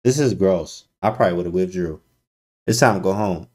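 A man streaming chess analysis to his chat in a casual, slangy way with sudden loud exclamations. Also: low voice, brisk. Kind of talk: casual livestream commentary.

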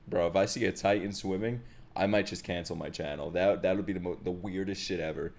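A man watching an anime episode and reacting aloud, excitable and profane, laughing and shouting at the screen. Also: low-pitched, brisk, gravelly. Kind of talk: live reaction commentary.

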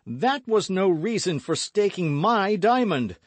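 Loud and emphatic, this hot-tempered young swordsman, voiced by a male audiobook reader, leaps high in pitch with a lively swing. Close and dry, no room around it. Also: unhurried, no echo, heavily acted. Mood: indignant.

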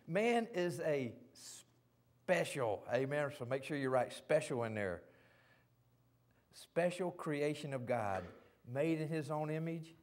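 A man's voice: a little high, darkish tone. A man with a Southern US accent preaching a sermon in a church, folksy and fervent, often saying hallelujah and amen. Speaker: pastor. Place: church sanctuary.

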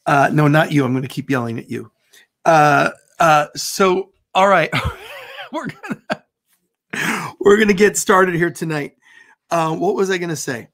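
A bishop hosting a livestream, a man who talks loudly with animated energy. His voice sits a little high, and he jokes and cuts himself off as he goes. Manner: loud, animated, joking, self-interrupting. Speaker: bishop and show host. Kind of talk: livestream prayer and chat.

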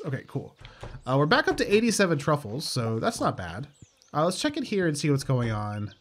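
A man's voice: a little high, wildly swooping pitch, a little fast, a bit bright. A man casually commenting on his gameplay, upbeat and chatty with dry sarcastic asides. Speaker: let's play host.

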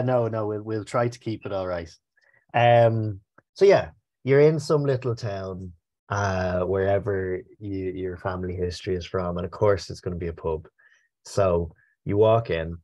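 A man's voice: lowish voice, darkish tone. An upbeat, chatty Irish man teaching a language lesson over a video call.

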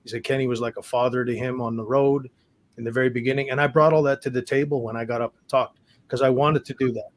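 A man from Saskatchewan, a guest musician telling stories in a casual interview, earnest and halting, often restarting and repeating words. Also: medium pitch, steady tone. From Saskatchewan, Canada.

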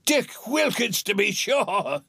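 A man's voice: medium pitch, measured pace, creaky, a bit bright, husky, no echo, studio quality, full character voice. A man voicing an elderly miser who exclaims eagerly, moved by old memories. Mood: excited. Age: older.

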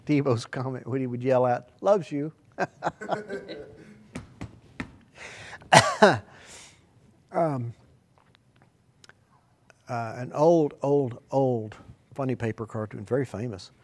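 A man preaching a sermon, swinging between quiet, hushed asides and loud, emphatic exclamations. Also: medium pitch, steady tone, unhurried, pauses often.

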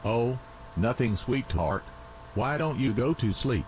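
A synthetic man's voice playing a protective, foul-mouthed father in a cartoon, flat delivery. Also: medium pitch, slow pace, slight background noise, rough recording. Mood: stern.

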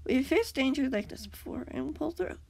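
A woman reading a gentle caring young woman. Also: high-pitched, expressive, fairly quick, vocal fry, slight background noise, voice pushed up. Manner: gentle and reassuring.

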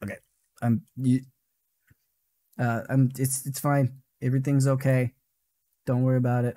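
Mid-range and dark-toned, this man's delivery is flat at a normal speed, with long pauses and no room sound. Playing a horror game on a live stream, he offers casual commentary that rambles, self-interrupts, and includes swearing and frequent laughing asides.

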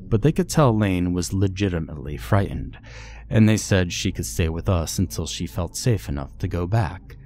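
A man narrating a first-person horror story in a steady, measured way. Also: sits low, a little hiss or hum.

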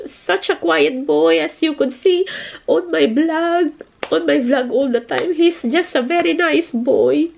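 Woman vlogger, 30s, high slow voice, emotional, breaking up, near tears. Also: expressive, creaky. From United Kingdom. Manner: tearful, emotional, halting. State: crying. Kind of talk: casual family vlog.

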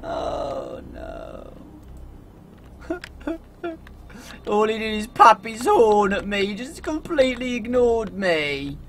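A young man from England doing jokey, animated let's play commentary as a gaming video host, often yelling at the game. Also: high-pitched, slow, slight background noise.

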